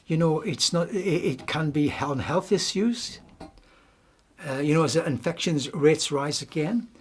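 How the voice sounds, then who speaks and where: A middle-aged man with a Geordie accent giving a gentle, reflective devotional talk, often restarting his sentences. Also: fairly high pitch, breathy edge. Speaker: speaker giving a weekly message.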